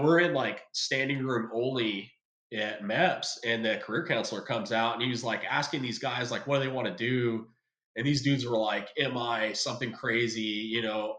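A man's voice: mid-range voice, bright, forceful tone. A man from California telling stories in a casual, slangy way, acting out the people he quotes. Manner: laid-back, slangy, acts out quoted voices. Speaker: guest. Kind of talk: casual storytelling. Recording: roomy echo.

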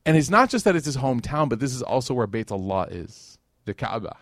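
A Chicago man in his thirties, an Islamic lecturer, gives a casual, conversational religious talk to a live audience, peppering it with fillers like "like" and "you know" and throwing questions at the crowd. His medium-pitched voice swings widely and moves briskly. The studio-quality recording is dry, with no room sound.

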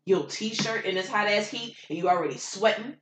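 A podcast co-host with a bright, sharp voice mocking people in a profane, exasperated rant. The room is echoey, with a faint hiss behind. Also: medium pitch, normal speed. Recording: roomy room with faint noise.

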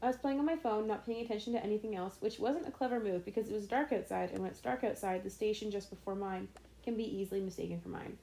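A woman's voice: mid-range voice, fast, warm tone, reverberant, slight background noise, low-quality recording. A young woman co-hosting a casual podcast, reading stories aloud, giggly and full of "like"s. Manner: giggly, talks with many "like"s. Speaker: podcast co-host.

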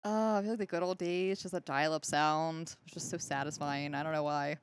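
A woman's voice: low-pitched, fairly even intonation, brisk, slight background noise. A woman in her thirties, co-hosting a casual podcast, chatty and giggly, full of "like". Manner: giggly, chatty, uses "like" a lot. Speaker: podcast co-host. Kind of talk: casual chat.

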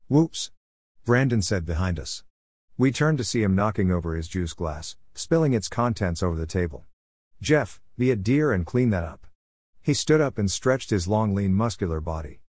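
A man reading a first-person story in a steady, even way. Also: lowish voice, no echo, studio quality. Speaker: narrator.

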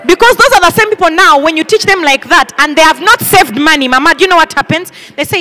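Woman preacher, high and animated, emphatic teaching style, booming reverb of a hall. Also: quick pace, hardly any pauses. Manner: emphatic, acts out children's voices. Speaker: ministry school teacher.

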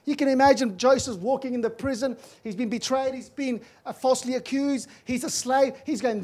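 A man's voice: very high-pitched, brisk, few pauses, a little mellow. Fervent preaching pastor, man. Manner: fervent preaching, repeats phrases, calls out hallelujah and amen. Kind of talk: sermon. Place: church. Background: music playing.

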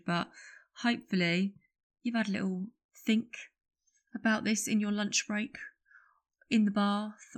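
A woman hosting her podcast, talking to listeners in a chatty, rambling, self-aware way. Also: mid-range voice. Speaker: podcast host. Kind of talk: casual solo podcast outro.

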